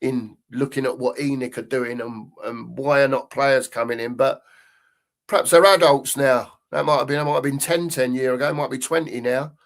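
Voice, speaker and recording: A man's voice: mid-range voice, fairly even intonation, normal speed. An older man, chatting casually as host of a live fan stream, rambling and repeating himself as he reads out viewer comments.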